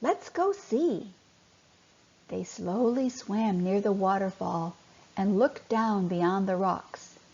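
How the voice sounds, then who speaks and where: A woman softly and expressively reading a bedtime story to children. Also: medium pitch, fairly even intonation, slow. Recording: dull lo-fi recording.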